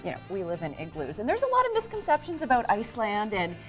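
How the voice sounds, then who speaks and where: A woman's voice: medium pitch, huge pitch swings, quick pace, loud music behind the voice, rough recording. Bubbly Canadian woman hosting daytime TV. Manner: bubbly, enthusiastic exclamations. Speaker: TV host. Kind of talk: daytime TV host chat. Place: TV studio kitchen.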